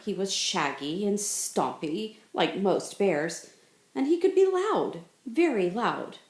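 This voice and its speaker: A woman teacher reading a picture book aloud in a slow, expressive storytelling voice. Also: on the low side. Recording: roomy echo.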